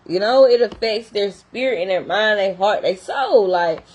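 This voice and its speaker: A woman's voice: mid-range voice, normal speed, darkish tone, low-quality recording. A young adult woman who works in behavior therapy, talking casually and animatedly straight to her viewers. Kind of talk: casual talk to camera.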